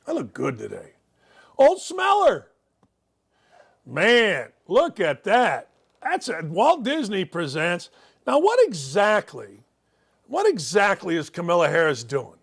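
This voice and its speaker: A man's voice: high voice, huge pitch swings, slow, vocal fry, slightly rough. A man hosting a sports talk show, ranting in a sarcastic, mocking way about sports and politics. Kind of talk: opinionated sports and politics rant.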